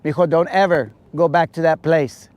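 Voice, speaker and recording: A man's voice: a little high, fairly even intonation, normal speed, darkish tone, natural voice. A man voicing a worried father who earnestly warns his son to stay away from a place. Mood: pleading warning. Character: worried protective father, stern warning.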